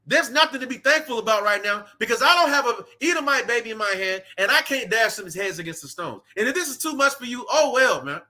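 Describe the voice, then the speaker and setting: A street preacher delivers an impassioned sermon outdoors in cold weather, fervently reading scripture and repeating "man" and "right" between lines. His voice is extremely high, bright, and forceful, animated and fast with hardly any pauses.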